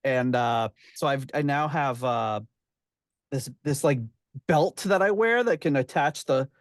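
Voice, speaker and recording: A man's voice: mid-range voice, a little slow, dry recording, clean studio sound. A middle-aged American man hosting a casual podcast chat, laughing often and trailing off mid-sentence. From United States. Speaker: podcast host.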